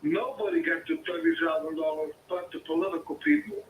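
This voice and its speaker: A man's voice: high-pitched, big pitch swings, a little fast, roomy sound, slight background noise, rough recording. A man from the Pittsburgh area, arguing heatedly as a caller, profane and combative, repeating himself. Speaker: caller, homeowner. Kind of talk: heated phone argument.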